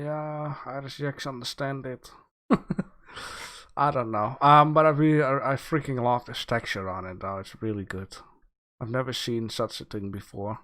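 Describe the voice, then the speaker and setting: A man hosting a livestream, giving relaxed art feedback with many fillers, thinking aloud as he goes. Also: medium pitch. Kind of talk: casual livestream commentary.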